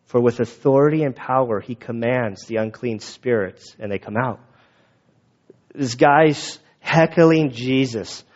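A male pastor giving a casual, conversational sermon, in a dull lo-fi recording. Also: medium pitch. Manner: casual, quick, conversational with restarts.

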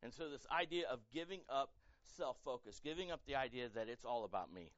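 A pastor preaching a sermon with energy, acting out quoted voices and building to loud, emphatic peaks. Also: male voice, medium pitch, expressive, fairly quick, no room sound, dull audio.

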